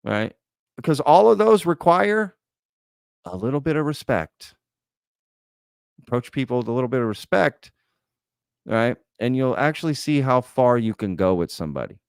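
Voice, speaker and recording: A man's voice: mid-range voice, very animated, normal speed, vocal fry, long pauses, smooth, no echo, clean studio sound. A man hosting a live stream, reading chat comments aloud and lecturing bluntly. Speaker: host.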